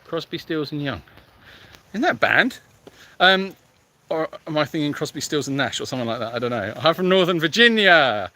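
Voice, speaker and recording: A man's voice: a little high, animated, brisk, long pauses, pushed and bright. Chatty man hosting a livestream. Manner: hesitant and self-mocking, many fillers and restarts. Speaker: animal sanctuary host. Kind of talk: casual livestream chat reading viewer comments.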